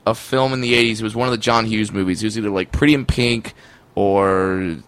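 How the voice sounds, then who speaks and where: A man's voice: on the low side, steady tone, fairly quick, fairly bright tone, clear, resonant tone. A young adult man co-hosting a podcast in casual chat, laughing often and restarting his sentences. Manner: laughing, stammering restarts, drops into silly voices. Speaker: podcast co-host and comedian.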